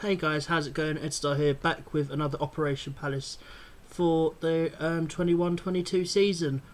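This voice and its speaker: A man's voice: a little high, steady tone, moderate pace, background noise. A man, a football fan vlogger ranting furiously and swearing constantly about his team. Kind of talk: angry fan rant vlog.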